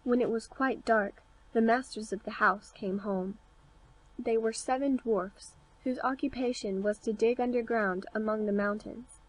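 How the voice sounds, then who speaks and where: A woman narrating a classic fairy tale as an audiobook. Her reading is clear and steady, made for easy listening. Her voice sits a little high. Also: unhurried, poor audio. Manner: clear, steady read-aloud delivery. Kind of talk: scripted storybook narration.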